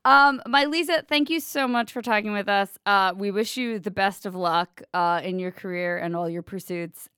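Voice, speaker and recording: A woman's voice: medium pitch, moderate pace, few pauses, pushed and bright, clear, resonant tone, no echo, clean studio sound. A woman hosting a podcast interview in a playful, teasing way. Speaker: podcast host. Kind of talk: casual interview.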